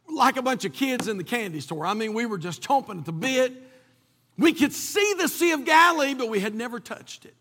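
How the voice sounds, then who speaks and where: A man's voice: extremely high pitch, bright, forceful tone, long reverb tail. A man from North Carolina, preaching a sermon and telling a folksy personal story with many restarts. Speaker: pastor.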